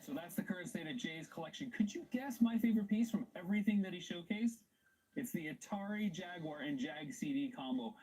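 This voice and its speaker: A man's voice: high voice, animated, fairly quick, warm tone, a little hiss or hum, poor audio. A man hosting a video, talking enthusiastically about game consoles.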